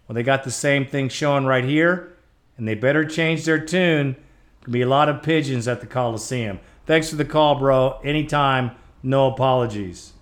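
A man's voice: medium pitch, fairly bright tone. A man hosting a fan call-in podcast, answering callers in a casual, laid-back way. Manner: casual, laid-back, calls listeners bro. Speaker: podcast host.

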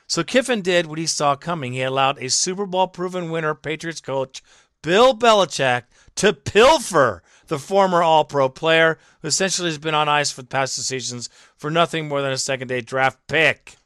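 A man's voice: fairly high pitch, normal speed, fairly bright tone, clean tone, no room sound, studio quality. A man hosting a sports podcast, ranting sarcastically and mockingly at an absent critic, with indignant swearing. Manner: rants, swears, directly addresses absent critic. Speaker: podcast host.

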